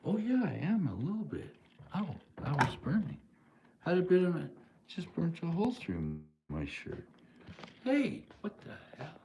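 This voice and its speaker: A man's voice: on the high side, big pitch swings, moderate pace, noisy background. A man hosting a live stream, talking in a rambling, laid-back way with lots of fillers. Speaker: livestream host. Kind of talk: casual live-stream chat.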